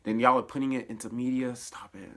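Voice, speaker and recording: A man casually recapping a show episode in a spoiler review, animated and laughing, his voice dropping to low mutters and then jumping up in excited bursts. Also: quick pace. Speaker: TV review vlogger.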